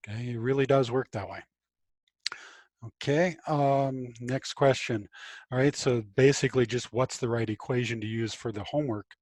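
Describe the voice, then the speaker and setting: Male teacher, middle-aged, casual remote lesson, mid-pitched, dead dry room. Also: normal speed, dry recording. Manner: relaxed, chatty, many fillers and restarts. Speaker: high school physics teacher. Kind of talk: casual online class lecture. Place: home.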